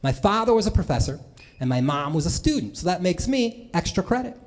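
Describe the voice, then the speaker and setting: A man's voice: high-pitched, very animated, a little fast, very noisy. A man from the US Midwest telling comic stories about himself on stage to a live audience, chatty and self-mocking, with asides to the crowd. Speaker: storyteller at a live talk. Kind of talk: comic personal storytelling to an audience.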